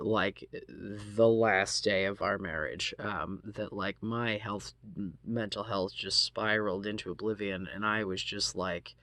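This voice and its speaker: A man with a lowish voice tells a personal story at an unhurried pace. He speaks haltingly and swears freely, breaking off and restarting his sentences. The sound is close and dry. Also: a bit bright, no echo. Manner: halting, profane, many restarts. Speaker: vlogger. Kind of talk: casual storytime monologue.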